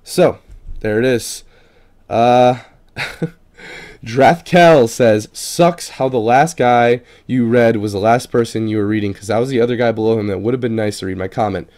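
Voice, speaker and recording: A man's voice: mid-range voice, unhurried, darkish tone. A man casually reading viewer comments aloud for his gaming channel. He swears freely and trips over unfamiliar names. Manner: loose and profane, swears casually. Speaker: gaming video creator.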